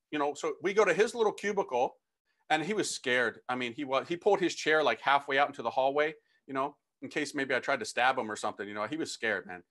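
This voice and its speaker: A middle-aged man, a priest, telling his conversion story as a lively, slangy testimony talk and acting out the dialogue. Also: medium pitch, fast.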